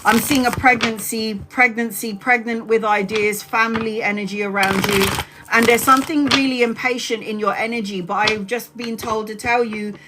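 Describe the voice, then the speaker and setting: A woman's voice: fairly high pitch, steady tone, moderate pace, background noise. A woman in her forties from Brazil, a tarot reader talking bluntly and chattily on a live stream, swearing casually and acting out quotes. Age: 40s.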